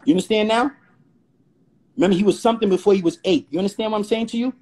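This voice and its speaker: A man from Brooklyn, ranting heatedly on a live stream. His voice is husky and sits high for a man, and he talks fast, repeating rhetorical questions again and again. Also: a little mellow. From Brooklyn, New York. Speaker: host. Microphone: phone or webcam on a live stream.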